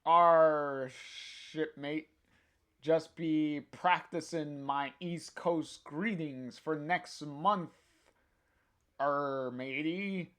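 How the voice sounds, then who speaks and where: A man's voice: fairly high pitch, drawn-out words, fairly bright tone, smooth. A man reading a brash pirate-talking bandmate woman. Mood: teasing. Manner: mock pirate slang.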